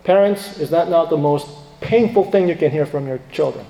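A man preaching a sermon with a high, mellow voice that carries through a large reverberant hall. He swings from loud, emphatic questions to hushed, quiet asides. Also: moderate pace, soft background music.

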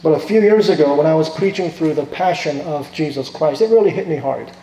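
A man preaching a sermon as a pastor, impassioned, swinging from hushed lines to loud outbursts. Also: on the high side, expressive, a little fast, a little hiss or hum. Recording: echoey hall with long reverb.

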